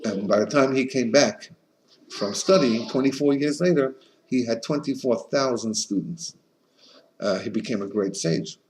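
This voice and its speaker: A man, a rabbi, giving a Torah class in an animated storytelling manner with frequent restarts. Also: medium pitch, normal speed, a little hiss or hum.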